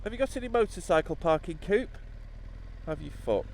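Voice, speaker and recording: A man's voice: high-pitched, lively intonation, a little fast, vocal fry, a little mellow, a little hiss or hum. A man vlogging about a motorcycle trip, rambling, sardonic and full of swearing. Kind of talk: casual chat to camera.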